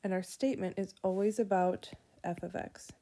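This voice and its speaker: A woman teacher giving a whiteboard math lesson, walking through each step slowly and aloud. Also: medium pitch, steady tone, mellow. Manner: slow, deliberate, walks through steps aloud. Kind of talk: whiteboard lesson explaining calculus.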